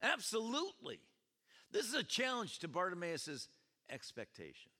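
Animated preacher in a ringing hall. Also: male voice, high voice, normal speed. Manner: animated, questioning the congregation, acting out quotes. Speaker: pastor. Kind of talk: sermon. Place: church service. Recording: echoey church hall.

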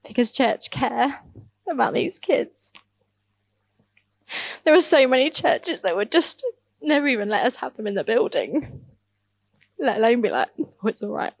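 A woman's voice: a little high, very animated, measured pace, long pauses, no echo. Earnest woman telling church stories. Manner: casual, earnest, laughs at her own stories, many fillers like "like". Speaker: youth ministry worker speaking to her church. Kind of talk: church talk, personal storytelling.

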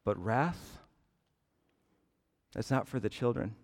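A man in his thirties preaching a sermon as pastor, earnest and deliberate, with emphatic rises on key words. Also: mid-range voice, lively intonation, creaky. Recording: long hall reverb.

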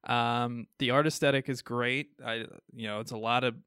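A man's voice: medium pitch, fairly even intonation, normal speed, sharp tone, clear, resonant tone, dry recording, studio quality. A man with a Midwestern American accent co-hosting a casual chat about comic books. He talks enthusiastically, with frequent fillers and laughs. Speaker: podcast co-host.

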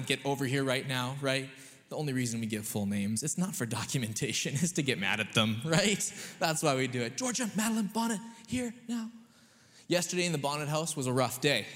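A man preaches to his congregation in an easy, conversational way and leans hard on the points he wants to land. His voice sits at an ordinary pitch for a man. A long reverb from the church hall trails after his words. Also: a bit bright. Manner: conversational and emphatic, often checking in with the audience. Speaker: pastor. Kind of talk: sermon. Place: church sanctuary.

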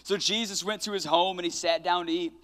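A male pastor preaching a sermon in a church, retelling a Bible story, praying fervently and adding casual, energetic asides. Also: high-pitched, fairly quick. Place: church sanctuary. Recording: long hall reverb.

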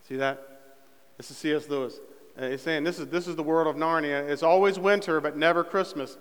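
A man's voice: a little high, fairly even intonation, a little fast, clear, resonant tone. A man preaching a sermon as pastor, talking casually with fillers and building to fervent emphasis. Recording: long reverb in a church hall.

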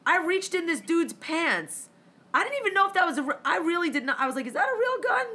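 A woman's voice: very high-pitched, brisk. A woman telling a story in casual chat, swearing freely and acting out both sides of the conversations. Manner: profane, animated, acts out dialogue.

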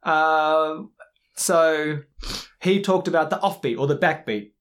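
Casual co-host, male, slightly high voice, talks things through and explains loosely. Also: slow pace, a bit bright. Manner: explaining, with many restarts. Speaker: podcast co-host. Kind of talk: casual chat about music and dance.

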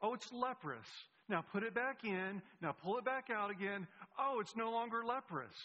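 A man's voice: high voice, moderate pace, voice pushed up, close to an everyday voice. A man voicing God as a firm, matter-of-fact and reassuring deity. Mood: commanding. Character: patient, commanding male deity. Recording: husky, muffled, long hall reverb.

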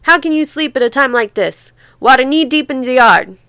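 This is a woman performing a young man in a storybook who is desperate to outrun a flood. He speaks with a rural Southern drawl, pressing and insistent. The voice stays smooth and dry, as if close to the mic. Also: mid-range voice, normal speed, no room sound, lightly acted. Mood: alarmed.

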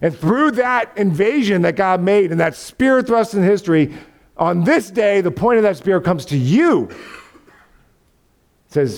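A male pastor preaching with a lively, swooping pitch that rises and falls across his sentences. His voice sits a touch higher than most men's. He tells the story with animation and acts out the voices of the people in it. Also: unhurried. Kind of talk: sermon.

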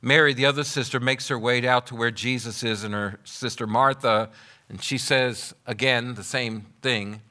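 A man with a bright, forceful voice preaches a sermon. He builds phrase on phrase in rhythmic repetition and rises to loud, emphatic declarations. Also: mid-range voice, fairly even intonation, normal speed. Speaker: pastor.

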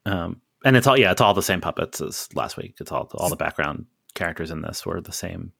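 A man's voice: deep voice, expressive, a little fast, vocal fry, a bit bright, breathy edge, no room sound, clean studio sound. A man co-hosting a podcast in casual chat, giving blunt, emphatic opinions. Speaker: podcast co-host.

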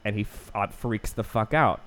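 A man with a somewhat low voice chats on a podcast, walking through a film's story in a relaxed, unpolished way. He swears freely and restarts his sentences often as he goes. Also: moderate pace. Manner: loose, profane retelling of a plot with many restarts. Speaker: podcast co-host. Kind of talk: casual film chat.

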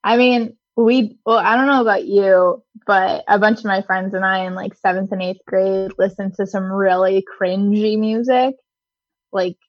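A woman's voice: mid-range voice, fairly even intonation, measured pace, dry recording. Chatty woman, dull dry sound. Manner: chatty, filler-heavy, laid-back. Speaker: podcast co-host. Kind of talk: casual chat.

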